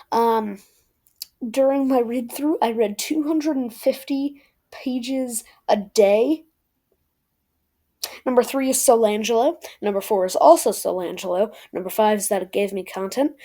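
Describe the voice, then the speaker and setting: A woman's voice: on the high side, dark tone. A woman giving a casual book review, hesitant and self-deprecating, with many ums.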